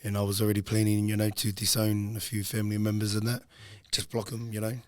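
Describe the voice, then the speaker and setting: Young male guest, low voice, rambling casual storyteller, dry close sound. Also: completely flat delivery, quick pace, no echo. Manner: low-key, loose, rambling with frequent ums. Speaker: podcast guest.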